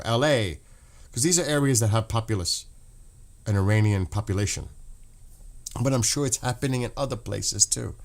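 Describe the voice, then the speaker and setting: Impassioned man rambling on a livestream. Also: lowish voice. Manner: emotional, impassioned, swearing; rambling with restarts. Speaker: livestream host. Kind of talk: casual livestream commentary.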